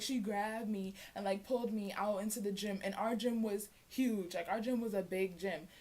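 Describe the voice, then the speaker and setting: Animated young woman telling a story. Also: medium pitch. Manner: animated, acts out quoted voices. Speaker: vlogger. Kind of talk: storytime vlog.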